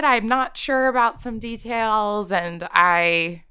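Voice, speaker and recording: A woman's voice: medium pitch, takes it slowly, few pauses, clean tone. A woman co-hosting a podcast in casual chat, playful and giggly, laughing often. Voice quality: giggly, animated. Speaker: podcast co-host.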